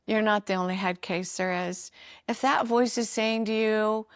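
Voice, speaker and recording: A woman's voice: mid-range voice, fairly even intonation, moderate pace, clear, resonant tone, no room sound, clean studio sound. A woman hosting a podcast, giving an earnest, encouraging motivational talk straight to her listeners. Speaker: podcast host.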